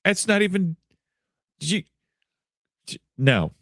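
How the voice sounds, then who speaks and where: A man co-hosting a podcast in casual chat, animated and laughing easily. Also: high-pitched, slow, creaky, no room sound, studio quality. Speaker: podcast co-host.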